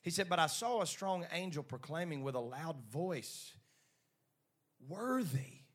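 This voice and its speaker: A man's voice: fairly high pitch, moderate pace, fairly bright tone. A man preaching a sermon who retells scripture dramatically and calls on the congregation to answer back.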